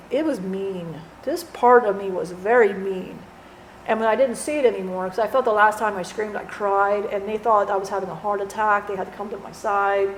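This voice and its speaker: A woman channeling a departed friend, telling her story in an earnest, halting way with many restarts. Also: medium pitch. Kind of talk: spiritual channeling testimony. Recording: roomy echo, faint background noise.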